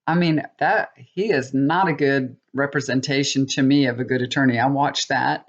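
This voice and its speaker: With a very deep voice at a moderate pace, this woman gives a chatty tarot reading, restarting often and regularly asking her viewers "okay?" as she rambles on. The sound is lo-fi.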